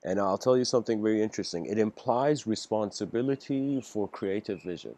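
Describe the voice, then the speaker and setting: A man giving an improvised philosophical lecture, halting and musing with frequent restarts. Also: on the low side, warm tone.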